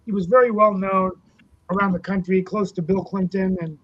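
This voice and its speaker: Higher-voiced man, reminiscing, muffled audio. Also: little pitch movement, normal speed. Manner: reminiscing, many uh fillers. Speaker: co-host, city councilman. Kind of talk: casual political talk show chat. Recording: dull lo-fi sound.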